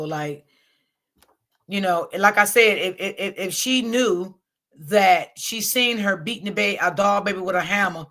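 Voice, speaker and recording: Bright-voiced woman chatting on a livestream. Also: medium pitch. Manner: chatty, repetitive, talks to her chat. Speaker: livestream host. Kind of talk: casual livestream commentary.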